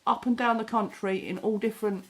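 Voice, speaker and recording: A woman's voice: a little high, fairly even intonation, fairly quick. A British woman in casual chat, ranting sarcastically and acting out quotes, talking at home in her kitchen. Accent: British English. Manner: exasperated, sarcastic storytelling with acted-out quotes. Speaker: vlogger.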